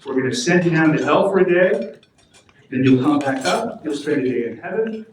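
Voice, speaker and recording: A man's voice: on the high side, expressive, moderate pace, a little hiss or hum, close to an everyday voice. A man voicing Saint Peter in a joke during a speech, friendly and folksy, in an echoey hall. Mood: genial. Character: Saint Peter, genial older male gatekeeper. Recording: echoey hall, mic from far off.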